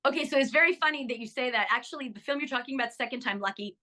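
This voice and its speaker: Bright, enthusiastic older actress. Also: female voice, high voice, rapid-fire. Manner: enthusiastic, animated, lots of fillers. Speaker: actress and interview guest. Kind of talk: casual interview chat.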